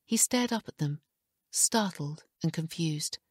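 A woman narrating an audiobook in a hushed, measured way, recorded in a studio booth. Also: deep voice, animated, husky, dry recording. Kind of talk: scripted narration.

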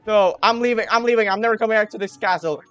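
A young man giving excited gameplay commentary, trash-talking and yelling at other players. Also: sits high, fast talker, smooth, highs cut off, faint music behind. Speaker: gaming youtuber.

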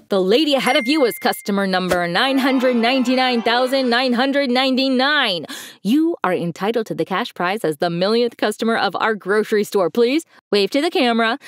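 A woman playing a loud, bubbly male TV presenter. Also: a little high, slight background noise, lightly acted. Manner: loud, exuberant announcing. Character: excited male TV game-show presenter.

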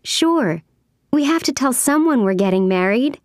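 A woman speaking clearly in a scripted everyday dialogue for an English course. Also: sits high, animated, moderate pace, no echo, clean studio sound.

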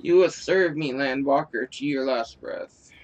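A man reading out the lines of an imperious female wind spirit from a video game who demands worship, in a grand, deliberate way. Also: medium pitch, close to an everyday voice, low-quality recording. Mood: commanding. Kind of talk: reading game dialogue aloud.

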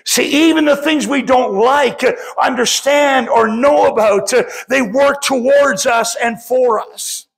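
A man's voice: very high voice, unhurried, creaky, hardly any pauses. A middle-aged man preaching a sermon as pastor, impassioned and often calling out to the congregation.

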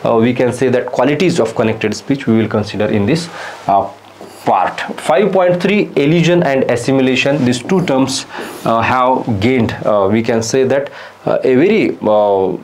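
Male lecturer, mid pitch, halting delivery with many fillers, explaining course content. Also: lively intonation, a little hiss or hum. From India. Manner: halting, frequent "uh" fillers and restarts.

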